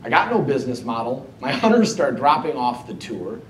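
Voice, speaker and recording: Male keynote speaker, animated storyteller who plays out his own thoughts, distant mic with a faint low rumble. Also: a little fast, reverberant. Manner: self-mocking humor. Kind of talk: motivational storytelling speech. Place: event hall before an audience.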